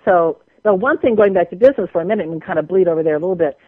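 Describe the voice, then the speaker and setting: A woman's voice: fairly low pitch, racing, breathy edge, no room sound, narrow, tinny audio. A woman with a Wisconsin accent, a social media tutor talking casually as a radio guest, folksy and chatty. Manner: chatty, folksy, laughs often.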